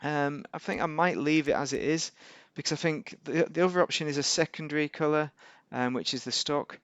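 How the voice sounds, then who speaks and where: A man's voice: a little high, a little fast, fairly bright tone, dry recording. A man giving casual, rambling gameplay commentary as a YouTuber, correcting himself and making wry asides. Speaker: gaming YouTuber.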